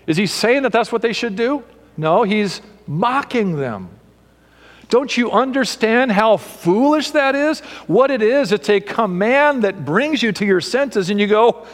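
A man preaching a sermon, emphatic, swinging between raised and hushed delivery. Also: sits high, animated, unhurried, in a large hall.

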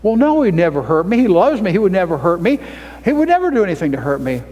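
A man preaching a sermon, emphatic, with his voice climbing to loud high peaks. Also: sing-song, fast talker, big-room sound, lo-fi sound.

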